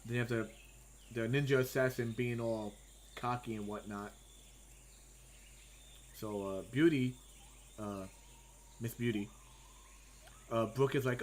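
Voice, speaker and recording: A man and comic artist giving casual livestream commentary, thinking aloud as he draws with frequent pauses and self-talk. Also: medium pitch, fairly even intonation, darkish tone. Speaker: comic artist streaming his drawing.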